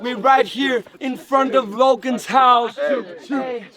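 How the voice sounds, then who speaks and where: A young man from Denmark, loudly cheering on his friends during an outdoor group vlog stunt. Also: extremely high pitch, slow, a crowd in the background. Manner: loud, excitable, cheering others on. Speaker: vlogger leading a group stunt. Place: outdoors on a street in front of a house. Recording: outdoor clip with friends chattering around. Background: group of friends nearby.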